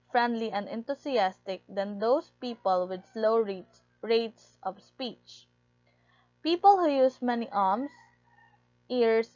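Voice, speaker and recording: A woman's voice: a little high, no room sound. A woman giving a recorded lecture, reading steadily from her notes and stressing key words. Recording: dull lo-fi recording, dry.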